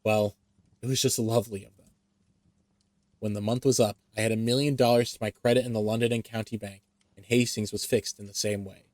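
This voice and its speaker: A man's voice: fairly low pitch, flat delivery, a little fast, a little mellow, no echo. A man reading a classic story aloud expressively, with occasional slips. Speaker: reader.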